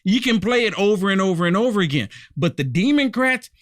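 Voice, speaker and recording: A man hosting a live-streamed commentary show speaks emphatically and hammers his points through repetition, turning often to address his viewers. His voice sits a little high for a man. The sound is dry and close, with no room echo. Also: sing-song, a little fast, a bit bright. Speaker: political commentary host.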